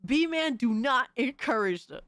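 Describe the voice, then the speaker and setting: A woman streaming live, reacting to viewer videos with loud, exasperated, profane commentary and frequent shouts of disbelief. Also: fairly high pitch, expressive, measured pace, dry recording. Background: music.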